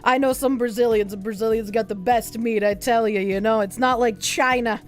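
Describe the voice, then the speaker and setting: A woman's voice: fairly high pitch, steady tone, normal speed, soft background music, lightly acted. A woman putting on the voice of a boastful older man who brags in blustering, repetitive phrases. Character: boastful older man bragging about meat.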